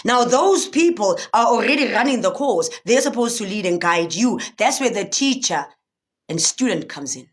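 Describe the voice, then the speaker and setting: Animated woman, spiritual speaker. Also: mid-range voice, moderate pace. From South Africa. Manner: animated, preachy, often asks if listeners understand. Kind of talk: livestream talk with viewers.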